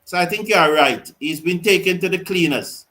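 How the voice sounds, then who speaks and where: Excitable man with a high voice. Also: moderate pace, low-quality recording. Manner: excitable, reads viewer comments aloud. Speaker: host of a cricket watch-along. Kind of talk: live cricket commentary and chat.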